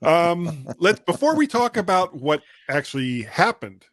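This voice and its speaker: A man's voice: fairly high pitch, very animated, measured pace, fairly bright tone, no room sound, studio quality. A man hosting a podcast in casual chat, jokey and playful, laughing at himself. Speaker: podcast host.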